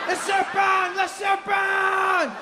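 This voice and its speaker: A panicky French father with a thick French accent shrieks in a high, strained voice, all frantic urgency, as a comedian puts him on. His yelling climbs well above a man's usual pitch. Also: completely flat delivery, takes it slowly, over a noisy crowd, very noisy. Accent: French, put on. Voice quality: shouting, frantic. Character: panicky French father at a show, middle-aged.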